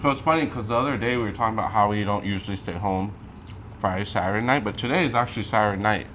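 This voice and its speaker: A man's voice: on the low side, very fast, slight background noise. A man co-hosting a casual mukbang chat at home, sassy and complaining as he eats. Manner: sassy, animated, complaining while eating. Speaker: co-host.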